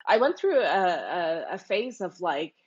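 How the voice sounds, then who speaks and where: A woman from Canada speaks as an interview guest, with a low, husky voice. She tells stories in an animated, thoughtful way, with plenty of fillers. The recording sounds dull and lo-fi. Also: unhurried. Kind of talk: casual interview talk.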